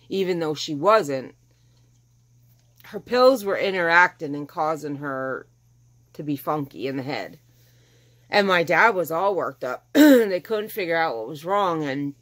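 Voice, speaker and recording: A middle-aged woman, casually telling a long rambling story and acting out what people said. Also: deep voice. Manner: chatty, rambling, acts out quoted dialogue. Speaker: vlogger telling her rescue story.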